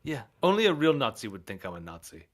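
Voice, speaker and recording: A man's voice: medium pitch, sing-song, quick pace. A man playing a smug, self-righteous progressive character in an improvised comedy bit, mock-earnest and prone to stammering and giggling. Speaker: comic guest character.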